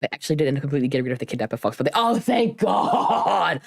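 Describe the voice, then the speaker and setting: A woman's voice: a bass voice, fairly even intonation, rapid-fire, dark tone, no room sound, clean studio sound. A woman streamer chatting casually, rambling and self-deprecating, swearing now and then. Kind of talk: casual chat.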